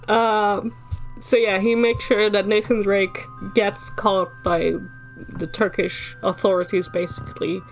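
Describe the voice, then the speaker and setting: A woman's voice: mid-range voice, level tone, slow, faint music behind. A woman with a Dutch accent, casually recapping a story as a streamer, sweary and full of fillers and laughs.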